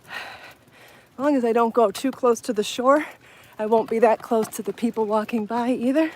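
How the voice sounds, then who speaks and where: A chatty woman with a fairly high voice talks into a phone she holds in her hand as she walks outdoors, short of breath and laughing often. A faint outdoor hiss sits under her voice. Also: fairly even intonation, normal speed, darkish tone. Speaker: podcast host on a live stream. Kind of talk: casual live vlog while walking a bike. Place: outdoors on a path to a beach. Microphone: phone held in hand.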